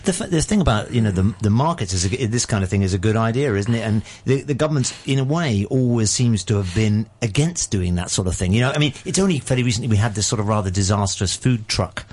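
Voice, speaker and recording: A man's voice: fairly low pitch, expressive, fast talker, hardly any pauses, darkish tone, husky. A man hosting a radio talk show, prompting his guest with wry questions. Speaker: radio host.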